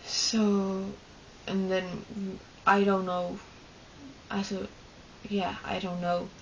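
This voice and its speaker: A young woman whose first language is Swedish tells a scout-leader story in a slow, rambling way, filling it with "like." Her voice has a gravelly fry to it. The recording sounds dull and lo-fi, with a faint hiss behind her. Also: mid-range voice, completely flat delivery. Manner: rambling, filled with "like" and restarts. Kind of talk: casual storytelling.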